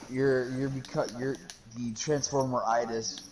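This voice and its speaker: A man's voice: mid-range voice, flat delivery, measured pace, a little mellow. Joking young man on a noisy mic. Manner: joking, stumbling, trails off mid-sentence. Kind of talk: casual gaming voice chat.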